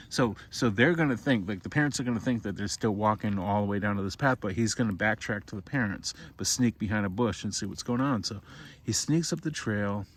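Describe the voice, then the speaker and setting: Rambling man telling a campfire horror story. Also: a little fast. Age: adult parent. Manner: rambling, repeats and restarts, rises to high cries for the boy's voice. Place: outdoors by a campfire in the woods.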